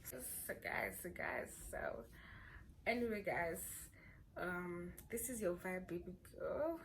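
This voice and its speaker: Hoarse Nigerian young woman vlogging. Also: fairly low pitch, big pitch swings, takes it slowly, slight background noise. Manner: chatty, playful and self-assured. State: hoarse from a cold and sore throat. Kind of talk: casual chat to camera.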